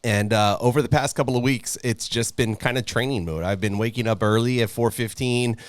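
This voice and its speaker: Smooth-voiced laid-back man chatting. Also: medium pitch, a little fast, no echo. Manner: relaxed, easygoing storyteller with frequent fillers. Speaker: podcast co-host. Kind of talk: casual podcast chat.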